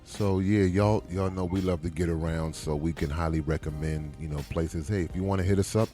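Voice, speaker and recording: A man's voice: deep voice, brisk, faint music behind. A man co-hosting a podcast in casual chat, telling stories and acting out the dialogue in them. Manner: animated storyteller who acts out quoted dialogue. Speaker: podcast co-host.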